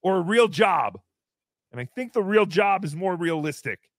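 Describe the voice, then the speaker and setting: A man's voice: high voice, expressive, normal speed, fairly bright tone, no echo, studio quality. A male podcast host giving sarcastic, taunting comedy commentary. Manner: sarcastic, taunting, jumps into sing-song mockery.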